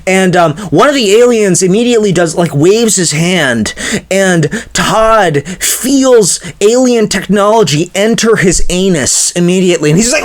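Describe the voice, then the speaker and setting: A man with a high speaking voice tells an improvised comedy story, rambling and stammering as he goes. He repeats words and fills gaps with loose fillers. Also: expressive, moderate pace.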